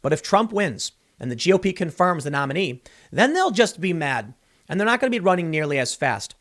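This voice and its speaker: A man's voice: fairly high pitch, very animated, brisk, fairly bright tone. A man hosting a political commentary show, reading news excerpts aloud and breaking in with casual remarks like "dude" and "man".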